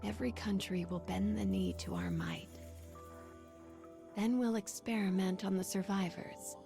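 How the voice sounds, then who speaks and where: A woman's voice: medium pitch, animated, a little slow, vocal fry. A woman voicing a dying male soldier who grins madly as he speaks. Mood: menacing. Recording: game narration over music.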